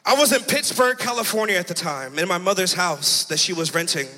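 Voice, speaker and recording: A man in his twenties giving an impassioned testimony as a preacher in a church, building to shouts. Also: high-pitched, expressive, a little fast, big-room sound, poor audio. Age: 20s. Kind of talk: sermon testimony. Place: church sanctuary.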